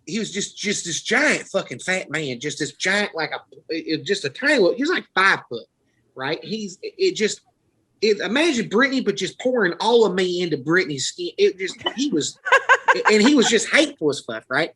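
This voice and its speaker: A man's voice: high voice, animated, moderate pace, bright, forceful tone, husky, low-quality recording. A man from Florida, a podcast host telling rambling, profane stories in casual chat. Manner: rambling, profane, laughing storyteller.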